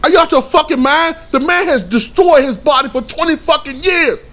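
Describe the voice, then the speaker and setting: Heated, high-voiced man ranting in his thirties. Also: fairly quick. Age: 30s. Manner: angry, swearing, shouting bursts. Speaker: sports vlogger. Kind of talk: heated profane rant.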